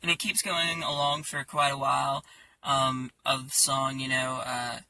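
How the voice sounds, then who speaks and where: A man talking casually about his songs in a halting way, with many fillers and restarts. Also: mid-range voice, level tone, bright, forceful tone, far from the mic, slight background noise. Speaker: songwriter.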